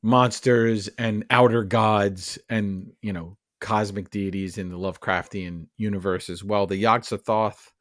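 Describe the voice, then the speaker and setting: Dude with a lowish voice rambling about comics and movies, dry sound. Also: male voice, fairly even intonation, a little slow, hardly any pauses, dry recording. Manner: chatty, opinionated, many fillers. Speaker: podcast co-host. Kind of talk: casual film discussion.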